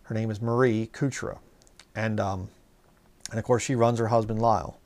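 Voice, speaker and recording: A man's voice: fairly low pitch, steady tone, moderate pace, darkish tone. A man preaching a sermon, telling a rambling personal story full of fillers and rising into heated outbursts.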